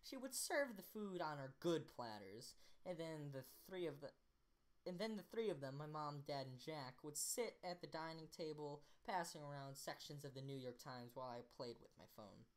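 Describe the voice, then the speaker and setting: A young woman with a low voice reads a novel aloud, playful and prone to stopping and correcting herself. Her pitch swings widely from line to line. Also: lively intonation, moderate pace. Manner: playful, self-interrupting, slips into voices. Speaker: reader. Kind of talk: casual amateur book reading.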